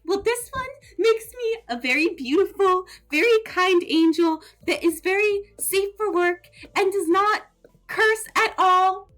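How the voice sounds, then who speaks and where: A woman streamer putting on a sweet, high-pitched angel voice with exaggerated prim innocence. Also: unhurried, fairly bright tone. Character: sugary saintly young female angel.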